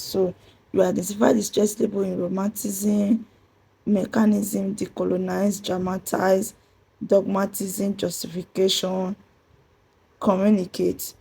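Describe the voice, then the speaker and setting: A woman, teaching a pronunciation lesson and spelling out letters as she repeats each rule slowly. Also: medium pitch, creaky, dark tone, husky, rough recording. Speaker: English teacher.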